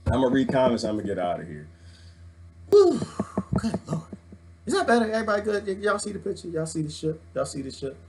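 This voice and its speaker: Animated man ranting on a livestream. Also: a little high, very fast, very noisy. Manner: excitable, jokey, preachy, swings from loud to hushed. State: wired on coffee. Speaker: vlogger reading live comments.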